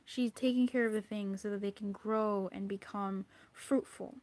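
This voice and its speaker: A woman's voice: medium pitch, fairly even intonation, normal speed, a little mellow, no room sound. A woman giving an intuitive tarot card reading, blunt and profane, scolding the listener with exasperation. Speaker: tarot reader.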